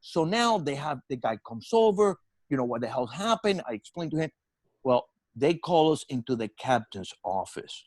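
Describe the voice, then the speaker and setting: An older male comedian telling a long, animated comic story, full of profanity and stumbling restarts. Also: on the high side, normal speed, no room sound.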